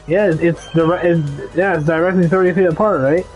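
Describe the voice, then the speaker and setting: High-voiced man reading game dialogue aloud. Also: normal speed, few pauses, a little mellow, faint music behind, rough recording. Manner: stumbling reads with casual asides and restarts. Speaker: let's play host.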